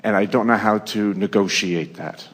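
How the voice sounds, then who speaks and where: A man in a seminar audience asking a personal question, halting and searching for his words. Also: lowish voice, fairly even intonation. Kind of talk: question from the floor.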